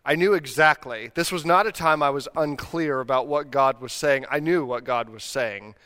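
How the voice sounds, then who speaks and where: A middle-aged male pastor preaching a sermon in a relaxed, conversational storytelling way, laughing at himself as he goes. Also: mid-range voice, normal speed, clean tone. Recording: long hall reverb.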